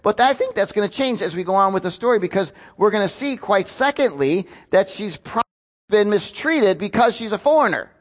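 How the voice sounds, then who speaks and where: A man's voice: high voice, expressive, fairly quick. A male pastor preaching a casual sermon to a congregation, chatty, with joking asides and acted-out quotes. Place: church before a congregation.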